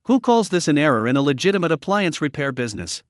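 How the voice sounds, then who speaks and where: A man's voice: fairly high pitch, very animated, quick pace, dry recording, studio quality. A man voicing an older male professor who speaks in exasperated outbursts.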